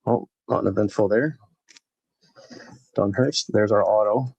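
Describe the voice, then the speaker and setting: On a live baseball card break stream, a man with a low-side, darkish, gravelly and husky voice talks at a measured pace, rambling casually and naming viewers while opening packs. The recording is dry and lo-fi.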